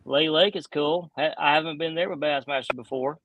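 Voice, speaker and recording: A man who fishes bass professionally, chatting casually on a live stream and rambling with lots of fillers. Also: fairly even intonation, brisk, a bit bright, no echo, highs cut off. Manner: rambling, heavy on "you know" fillers.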